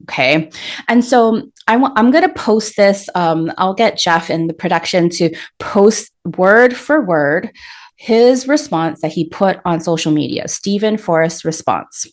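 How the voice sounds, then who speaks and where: A woman hosting her own astrology show, giving solo commentary and taking things apart point by point with emphasis and a light laugh now and then. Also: mid-range voice.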